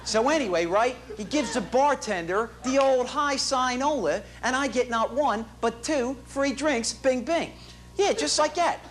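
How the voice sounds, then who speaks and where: A man's voice: very high voice, a little slow, a bit bright, slight background noise. An actor playing a chatty, boastful working-class family man in a comic stage monologue, rambling in street slang and bad grammar. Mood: bragging. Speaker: stage performer in a one-man show. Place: theater stage.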